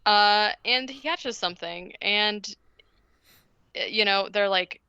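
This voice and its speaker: A woman's voice: medium pitch, slow, bright, forceful tone, clear, resonant tone, no echo, muffled recording. A woman co-hosting a podcast, casually recapping a movie in a rambling way, full of fillers and giggles. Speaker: podcast co-host.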